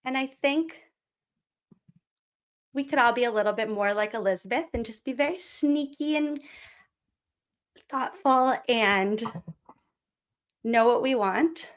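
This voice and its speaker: A woman hosting a casual live stream and reading aloud. She rambles warmly between thoughts, full of little fillers and giggles. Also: a little high, a little slow, long pauses. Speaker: live-stream host, former teacher.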